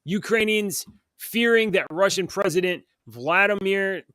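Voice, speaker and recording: Heated ranting man, higher voice, dry sound. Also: measured pace, sharp tone, no echo. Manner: heated, scornful, reads news aloud then rants. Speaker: co-host of a morning talk show. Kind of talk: opinionated political rant.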